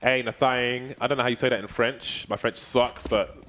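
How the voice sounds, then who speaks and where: A man doing live color commentary on an esports match, joking around with a slow drawl that bursts into shouts. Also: medium pitch, steady tone. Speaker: esports caster.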